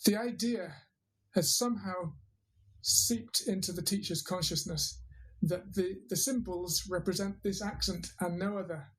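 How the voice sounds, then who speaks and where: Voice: medium pitch, a little slow, a little hiss or hum, rough recording. A teacher, giving a thoughtful interview answer with frequent hesitations and restarts. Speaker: interviewed English teacher and trainer.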